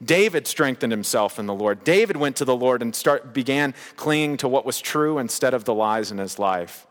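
A man's voice: mid-range voice, expressive, normal speed, in a large hall. A male pastor preaching a sermon with an emphatic, repetitive cadence.

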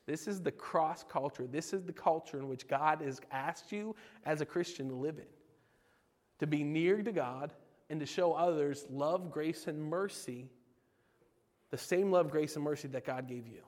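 A man delivers a casual, joking sermon, throwing questions at his listeners. His voice sits a little high for a man. A long reverb trails his words around the hall. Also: moderate pace. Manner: animated, jokey, asks the audience questions. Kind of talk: informal sermon.

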